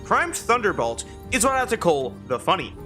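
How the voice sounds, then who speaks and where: A man's voice: sits high, big pitch swings, a little fast, sharp tone, faint music behind. A young man from Canada giving casual gameplay commentary as a streamer, laughing often and swearing freely.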